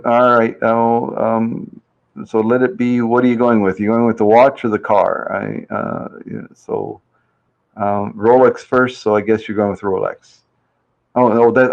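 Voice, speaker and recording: A man's voice: fairly low pitch, creaky, darkish tone, lo-fi sound. A man hosting a casual live-stream survey game, chatty and reading viewers' answers aloud with easy laughs. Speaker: livestream host running a survey game.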